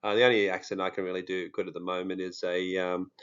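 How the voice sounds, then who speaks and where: A man's voice: deep voice, level tone, quick pace, fairly bright tone, clean tone, dull audio. A man with an Australian accent, talking casually and jokingly to his viewers, with many fillers. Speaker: true crime vlogger. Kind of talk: casual monologue to camera.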